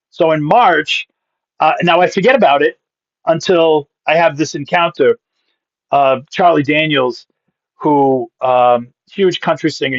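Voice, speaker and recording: A man in his fifties with a slightly high voice tells a comic story as a podcast guest, punchy and full of quick asides. His voice comes through a dull, lo-fi recording. The sound is dry, with no room around it. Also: no echo. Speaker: guest, pastor and comedian.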